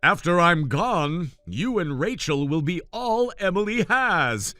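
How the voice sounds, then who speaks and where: A man's voice: high-pitched, big pitch swings, takes it slowly, dry recording, full character voice. A man voicing a frail, worried father. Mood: pleading. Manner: soft-spoken, pleading. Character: ailing father, gentle and worried. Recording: dry, faint music behind.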